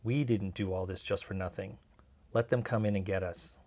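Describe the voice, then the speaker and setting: A defiant young woman, as a male narrator voices her, resolute and steady, barely shifted from the reader's low voice. A storybook reading. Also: normal speed.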